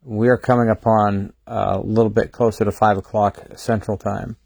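A tired, sleep-deprived man hosting a casual livestream, talking haltingly with many fillers and restarts. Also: lowish voice, flat delivery, vocal fry, a little mellow, no room sound. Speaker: livestream host.

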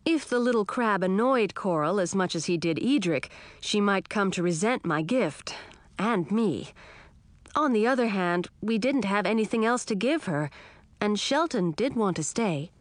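A woman's voice: mid-range voice, expressive, normal speed, no echo. Woman narrating a storybook, dry sound. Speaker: audiobook narrator. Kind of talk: scripted first-person narration.

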